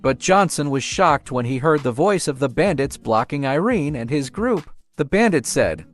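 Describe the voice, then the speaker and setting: A man's voice: on the high side, animated, normal speed, few pauses, faint music behind. Man narrating a comic story recap.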